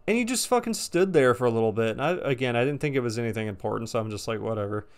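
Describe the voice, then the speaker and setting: A man telling a casual story to camera, animated and exasperated, swearing often. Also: mid-range voice, very fast, clear, resonant tone. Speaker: storytime vlogger.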